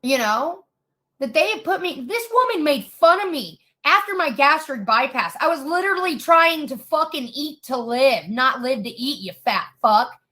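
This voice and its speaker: A woman tears into someone in a heated, expletive-filled rant. Her voice sits high and rings bright and sharp. She sounds fed up and furious throughout. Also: expressive, normal speed. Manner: furious, profane ranting. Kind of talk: angry rant.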